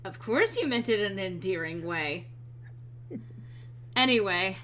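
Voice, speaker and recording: A woman streamer chatting casually over gameplay, reading chat aloud, frank and quick to swear. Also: mid-range voice, expressive, fairly bright tone, slight background noise.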